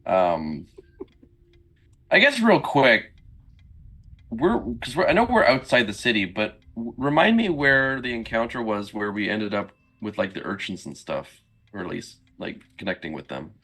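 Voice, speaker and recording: A man playing a tabletop game, chatting casually with lots of halting restarts and a teasing edge. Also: lowish voice, very animated, fairly bright tone. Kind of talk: casual tabletop role-play chat.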